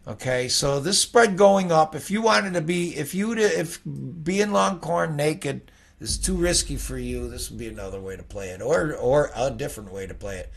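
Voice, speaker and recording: A middle-aged man with a gravelly, fry-laden voice talks through trading charts in a loose, rambling way. He keeps tossing in "okay?" as he points out levels and closes, like a floor trader teaching at his desk. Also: on the high side, expressive, moderate pace, few pauses. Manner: rambling, conversational, peppered with "okay?". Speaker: futures trading educator. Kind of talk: casual chart walkthrough.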